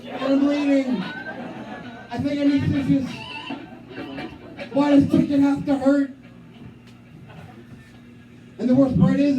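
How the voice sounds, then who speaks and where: With a very high-pitched voice and a New England accent, a comic in his thirties swears heavily through a crude set that mocks himself, often shouting out quoted asides in his own voice. He's on a small comedy club stage, heard from a distance in roomy club sound over live music and the crowd.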